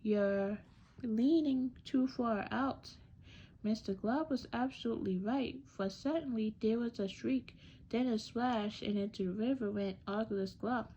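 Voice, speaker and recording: A woman reads a children's novel aloud at an unhurried, halting pace. Her voice is fairly high and mellow. The recording is dull and lo-fi, with a faint hiss behind her. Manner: slow, halting reading with many restarts. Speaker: reader.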